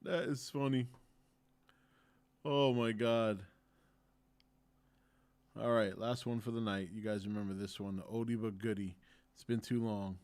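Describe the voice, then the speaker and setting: A man's voice: on the low side, fairly even intonation, measured pace, pauses often, darkish tone, no room sound. A man hosting a stream, making casual, laid-back remarks while he watches clips. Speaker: stream host. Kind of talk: casual reaction commentary.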